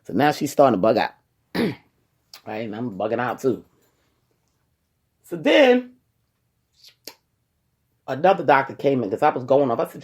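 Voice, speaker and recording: A woman talking casually to her viewers, retelling a personal story in a dramatic, animated way with many quoted asides. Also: rumbling low, measured pace, long pauses, husky. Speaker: vlogger.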